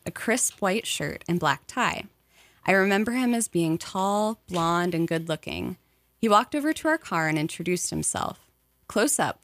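A woman narrating a memoir audiobook in a measured, even storytelling manner. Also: lowish voice, dry recording.

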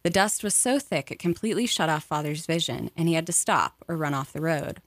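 A woman narrating a memoir audiobook in a measured, even storytelling manner. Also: sits low, no echo.

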